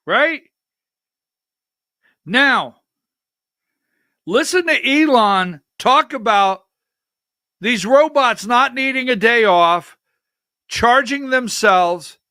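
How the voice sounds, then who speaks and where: Bright-voiced sarcastic male commentator. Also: extremely high pitch, expressive, very slow, long pauses, dry recording, clean studio sound. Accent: Southern US. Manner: sarcastic, talks to the audience, asks for clips. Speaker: political commentary host.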